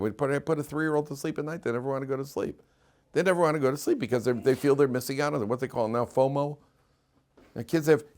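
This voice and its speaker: A middle-aged man, a rabbi, teaching a class, telling anecdotes with laughter and putting questions to the room. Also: mid-range voice. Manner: animated storyteller, laughs through anecdotes, asks the room questions. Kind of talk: storytelling Torah class. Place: classroom with listeners.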